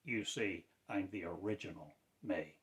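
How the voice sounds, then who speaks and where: A man preaching in a slow, declamatory way, with sudden loud rises in his voice. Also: sits low. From United States. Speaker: self-styled spiritual teacher. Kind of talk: impassioned preaching.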